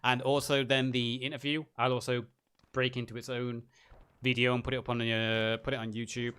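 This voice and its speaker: A man's voice: medium pitch, little pitch movement, fairly quick, a bit bright, slight background noise. A tired man, a caster rambling through a casual stream sign-off with self-deprecating jokes.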